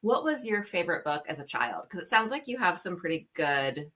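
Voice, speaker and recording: Woman host of a stream interview, friendly and chatty, lowish bright voice. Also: big pitch swings, brisk. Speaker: livestream host. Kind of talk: hosted interview.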